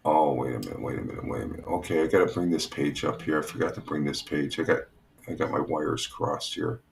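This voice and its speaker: An older man hosting a casual morning livestream, talking in a rambling, halting way with lots of fillers. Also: extremely low pitch, vocal fry, slight background noise. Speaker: livestream host.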